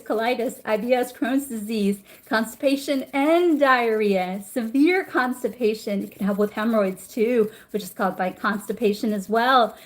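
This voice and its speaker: Chatty woman teaching acupressure live. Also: a little high. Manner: warm, chatty, reads viewer comments aloud. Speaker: acupressure instructor. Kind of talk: live-streamed health lesson.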